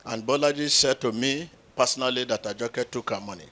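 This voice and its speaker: Animated pastor telling a story. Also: male voice, mid-range voice, fairly quick. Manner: animated storyteller who acts out quotes with sudden loud exclamations. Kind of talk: preaching, telling a story to a congregation.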